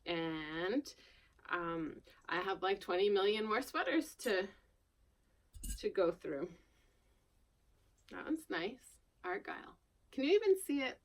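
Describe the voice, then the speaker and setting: A woman's voice: medium pitch, expressive, takes it slowly, pauses often. A woman from Long Island with no accent, chatting casually and self-deprecatingly to camera while she works, often dropping to a murmur. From Long Island, New York. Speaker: vlogger. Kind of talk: rambling casual chat while working. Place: indoors at her worktable.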